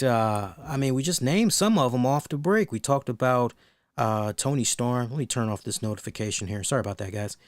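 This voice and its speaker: A man's voice: medium pitch, no echo, clean studio sound. A man hosting a wrestling review podcast, talking in a rambling, thinking-aloud way with blunt, casual swearing. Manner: rambling, thinks aloud with many restarts and asides. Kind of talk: casual solo commentary.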